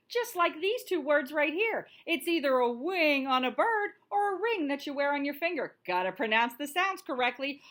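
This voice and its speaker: A woman teacher reading a children's picture book aloud, telling it expressively. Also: high voice. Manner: expressive storytelling, lively.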